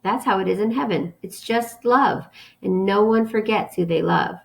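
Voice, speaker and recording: A woman voicing a tired, loving mother who speaks in a hushed, soothing way at bedtime. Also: mid-range voice, normal speed, gravelly, lightly acted.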